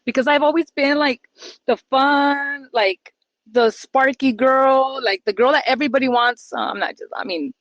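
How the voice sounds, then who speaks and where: A woman's voice: high voice, moderate pace, fairly bright tone, dry recording, dull audio. Woman podcast host, dry close mic, chatty and open, does little voices when quoting people. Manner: open, emotional, acts out quoted voices. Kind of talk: casual podcast chat.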